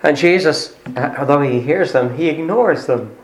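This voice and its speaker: A man delivering a sermon, retelling a story in a conversational way with pauses and fillers. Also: a little high. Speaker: preacher. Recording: roomy echo.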